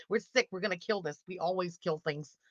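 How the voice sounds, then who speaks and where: A woman's voice: fairly low pitch, normal speed, no echo. A woman hosting a livestream and reading out super chats in casual chat. She laughs often, teases her viewers and swears freely. She talks through a muffled built-in computer mic. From Quebec, Canada.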